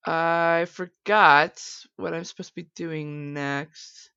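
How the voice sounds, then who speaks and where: A woman's voice: low voice, fairly even intonation, slow, sharp tone, smooth, highs cut off. A woman casually commentating a game, chatty and self-mocking. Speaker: gameplay commentator.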